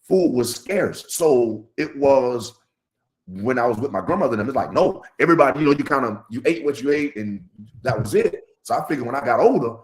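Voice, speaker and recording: A middle-aged man telling stories in a casual podcast chat, his pitch jumping high on the punchlines. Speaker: podcast guest.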